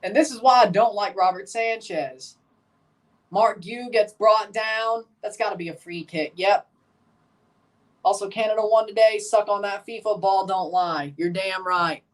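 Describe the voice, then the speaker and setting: A woman's voice: mid-range voice, measured pace, recorded from a distance. A woman hosting a live watchalong stream, chatting with opinions and reacting aloud to the plays as they happen. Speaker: livestream host.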